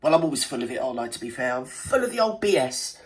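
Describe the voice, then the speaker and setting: A woman with a head cold gives chatty, gossipy commentary to her viewers, her voice a little stuffy. Her pitch swings widely up and down as she jokes and makes theatrical asides. She sounds cheeky and easygoing, like a regular reaction-video host. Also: sing-song, fast. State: has a cold. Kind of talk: casual gossipy commentary to camera.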